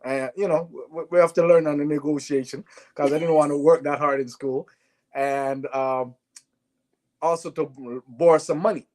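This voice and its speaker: A fairly high-pitched man with a moderate pace, he's a Canadian guest on an interview program, formerly a sprinter, now a businessman. His storytelling is animated, with the dialogue acted out.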